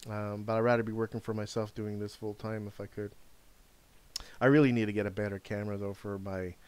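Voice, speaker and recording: Frank, rambling man with a smooth voice. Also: fairly low pitch, level tone, fairly quick, a little mellow. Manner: rambling, frank, swears casually. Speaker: live stream host. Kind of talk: casual chat.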